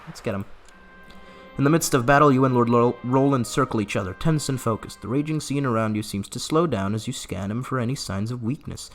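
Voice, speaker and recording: A man's voice: mid-range voice, a bit bright, slight background noise. A man giving casual gameplay commentary, laughing often and reading game text aloud with asides. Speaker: gaming YouTuber.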